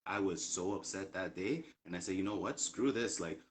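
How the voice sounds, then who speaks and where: A man from Canada speaks in a fairly low voice. He tells his story earnestly and circles back with fillers and restarts. He leans into points that frustrate him with indignant emphasis. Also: fairly quick, a little hiss or hum. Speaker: guest. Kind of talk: casual chat.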